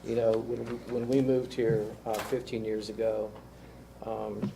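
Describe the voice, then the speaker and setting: A man's voice: fairly low pitch, level tone, a little slow, creaky. A man on a city council giving earnest, rambling praise at a public meeting, growing emotional. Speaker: council member. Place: council chamber. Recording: faint room noise, council meeting.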